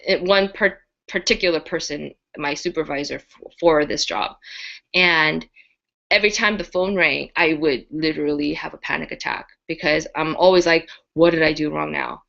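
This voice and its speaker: A woman's voice: deep voice, normal speed, gravelly, fairly bright tone. A woman co-hosting a casual talk show, sharing personal stories in a hesitant way with many fillers. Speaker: co-host. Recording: dull lo-fi audio.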